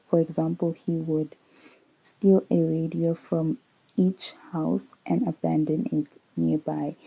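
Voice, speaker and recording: A woman tells a true crime story in a low, husky voice, stumbling and restarting her phrases as she goes. She talks slowly, and the recording sounds dull and lo-fi. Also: mellow. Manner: halting, frequent restarts and self-corrections. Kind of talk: unscripted true crime narration.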